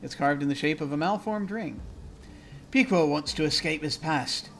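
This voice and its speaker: A gruff, sour old midwife woman from a video game speaks in stern, old-fashioned riddles, as a man puts her on. Her tone is scolding and cryptic. Faint game music plays underneath. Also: a little high, quick pace, natural voice. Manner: stern, scolding, archaic phrasing.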